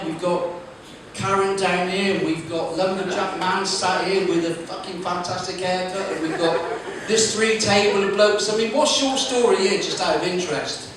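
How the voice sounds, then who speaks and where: High-voiced sweary comedian in an echoey club. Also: male voice. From Gloucester, England. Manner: swearing, chatty crowd work with the audience. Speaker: stand-up comedian. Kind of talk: stand-up comedy set. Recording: echoey club, far mic, crowd noise.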